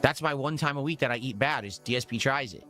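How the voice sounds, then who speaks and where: A man's voice: mid-range voice, fast, fairly bright tone, soft background music. A man in his forties ranting defensively and emphatically in a gaming stream commentary. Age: 40s.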